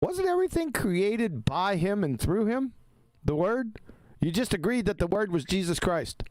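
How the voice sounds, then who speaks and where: A man's voice: sits high, very animated, normal speed, darkish tone, no room sound. A man hosting a live stream, reacting to a debate clip in a mocking, combative and profane way.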